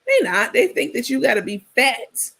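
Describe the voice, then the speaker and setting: A woman chats casually on her livestream in a gravelly, breathy voice. She talks bluntly and sassily, swears freely, and breaks into laughter often. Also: fairly high pitch, wildly swooping pitch, moderate pace, a bit bright. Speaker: livestream host.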